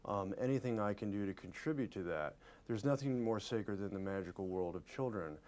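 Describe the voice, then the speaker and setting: A man in his forties giving a press interview as an actor, earnest and halting, often repeating his words. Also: fairly low pitch, a little mellow.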